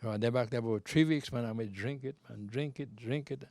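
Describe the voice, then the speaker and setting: A man's voice: medium pitch, fairly quick, darkish tone, dry recording. 90s Belizean Creole man telling stories. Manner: loose, repetitive storytelling in Creole speech. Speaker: interview guest. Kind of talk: rambling life-story telling.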